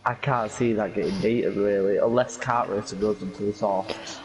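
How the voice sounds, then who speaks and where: A man doing live commentary on a sim racing session, conversational and quick to react with exclamations. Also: on the low side, fairly even intonation, a little hiss or hum, poor audio.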